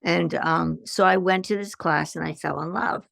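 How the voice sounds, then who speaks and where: An older woman, a stress management consultant, tells her story as a podcast guest at a moderate pace, animatedly acting out the voices of people she quotes. Her voice is low and very gravelly with lots of fry. The recording is close and dry, with no room sound around it.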